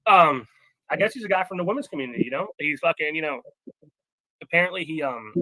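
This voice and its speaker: A man's voice: a little high, animated, quick pace, pushed and bright, dry recording, low-quality recording. A man hosting a live stream, talking loosely and profanely with lots of fillers. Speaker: stream host. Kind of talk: casual live-stream chat.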